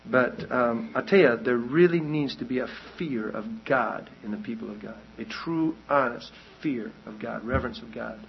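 A man's voice: medium pitch, normal speed, creaky, few pauses, highs cut off, a little hiss or hum. A man preaching a sermon, telling a long story in a loose, rambling way and then pressing his point with rising urgency.

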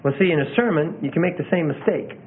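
A preaching instructor talks about sermon delivery conversationally, repeating phrases and correcting himself often. His voice is fairly high and his pace quick. The audio is tinny, like a phone line.

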